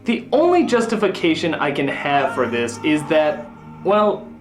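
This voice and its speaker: A man giving a comedic film review in the style of a famous critic, ranting and sarcastic, breaking into sudden high yells. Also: big pitch swings, measured pace. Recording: echoey room with faint music.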